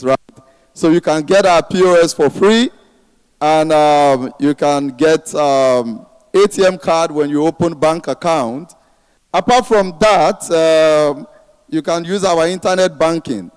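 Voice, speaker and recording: A man's voice: fairly high pitch, a little mellow, clear, resonant tone. A man with a Nigerian accent addressing a conference audience, chatty and informal, promoting his bank's services. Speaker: speaker representing a bank. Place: large conference hall. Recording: long reverb of a big hall.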